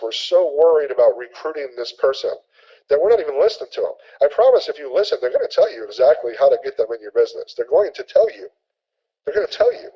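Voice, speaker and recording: Energetic man leading a sales webinar. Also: a little high, slightly rough, highs cut off. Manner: energetic, repetitive, acts out sample conversations. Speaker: sales trainer. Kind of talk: webinar training talk.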